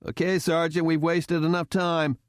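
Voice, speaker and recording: A man's voice: a little high, level tone, moderate pace, clean tone, dry recording, clean studio sound, voice pushed up, close to an everyday voice. A man voicing a confident male cadet leader who speaks steadily and reassuringly. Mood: firm.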